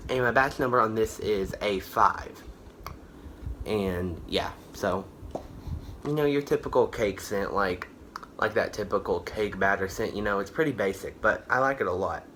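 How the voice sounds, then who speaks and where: Chatty low-voiced man reviewing candles. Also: normal speed, a bit bright, a little hiss or hum. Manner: rambling, filler-heavy, self-correcting. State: a bit out of breath and tired. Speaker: candle haul vlogger. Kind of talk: casual product review chat.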